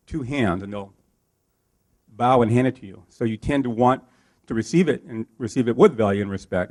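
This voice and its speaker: A man teaching a live networking workshop and asking his audience questions as he coaches them. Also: medium pitch. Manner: lively, coaching, asks the room questions. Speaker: workshop trainer.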